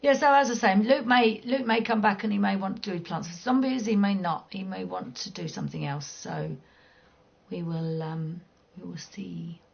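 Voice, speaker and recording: A woman's voice: mid-range voice, brisk, creaky, hardly any pauses, highs cut off. A middle-aged woman with a London accent, chatting casually and bluntly with viewers during a game stream, cheeky and swearing freely. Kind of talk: casual chat.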